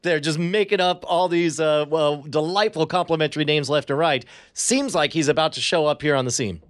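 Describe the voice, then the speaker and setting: Man, tabletop player, joking, slightly high voice. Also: a little fast. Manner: jokey, laughing, in-character narration. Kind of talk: tabletop role-play banter.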